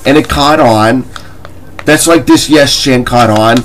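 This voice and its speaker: A man's voice: mid-range voice, unhurried, a bit bright, a little hiss or hum, rough recording. A man ranting in a wrestling commentary vlog, profane, combative and mocking, with scoffing laughs between points.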